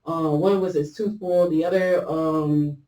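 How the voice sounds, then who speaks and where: This podcast host has a low, dark voice with fairly even intonation and an unhurried delivery. She tells a personal story in a loose, rambling way, stumbling over fillers and restarts while quoting other people, and the distant mic picks up a roomy echo.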